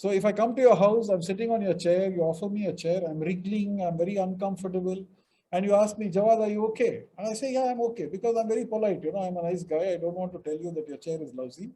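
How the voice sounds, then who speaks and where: A man's voice: sits high, fast, mellow, low-quality recording. A middle-aged man from India giving a webinar lecture on mediation, stressing words emphatically and acting out example sentences. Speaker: mediation trainer.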